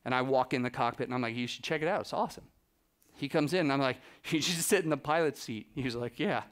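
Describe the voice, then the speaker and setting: A man giving a talk to an audience, telling lively anecdotes and acting out the dialogue with a laugh now and then. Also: mid-range voice, quick pace. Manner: animated anecdotes, acts out dialogue, laughs often. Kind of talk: storytelling presentation to a live audience.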